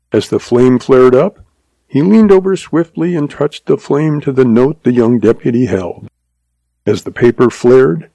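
A man narrating a story in an even, measured reading. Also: mid-range voice, vocal fry, no room sound.

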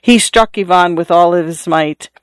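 Measured audiobook narrator, dry sound. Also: mid-range voice, clean tone, no echo. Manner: measured, even storytelling. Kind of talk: audiobook reading.

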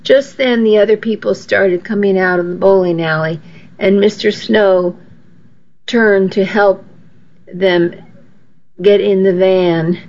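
A woman's voice: mid-range voice, steady tone, slow, pauses often, a little mellow. A woman narrating a first-person story in an earnest, storytelling way, on a dull lo-fi recording. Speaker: audiobook narrator.

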